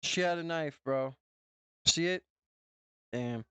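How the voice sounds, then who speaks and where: A man's voice: on the high side, takes it slowly, a bit bright, smooth, dry recording. Casual North Dakota streamer guy. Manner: loose, profane, full of "bro" and "man". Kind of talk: casual reaction commentary.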